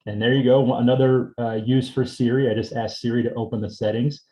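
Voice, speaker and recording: A man teaching a seminar on assistive technology, explaining a device demonstration step by step in a relaxed way. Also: medium pitch, a little fast, muffled recording. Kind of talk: instructional demonstration. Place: indoor seminar room. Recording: roomy echo.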